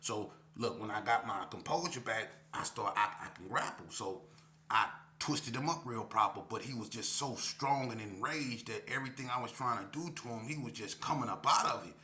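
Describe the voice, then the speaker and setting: A man's voice: medium pitch, moderate pace, pushed and bright. A man casually telling a personal story in slangy, candid speech, repeating himself and acting out dialogue.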